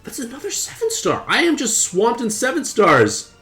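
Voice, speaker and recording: A young man chatting playfully to his viewers while streaming a mobile game, with excited outbursts. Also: high-pitched, brisk, faint music behind. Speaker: gaming streamer. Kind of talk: casual game commentary to live chat.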